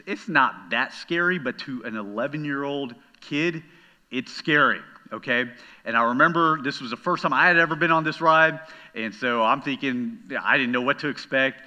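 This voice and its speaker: A middle-aged man, a pastor, preaching a sermon in an earnest way that ranges from hushed comfort to loud storytelling. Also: mid-range voice.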